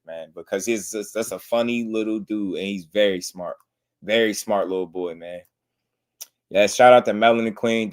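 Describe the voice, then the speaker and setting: A man, hosting a casual boxing livestream and chatting loosely with his viewers. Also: fairly low pitch. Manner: loose and talkative, slangy.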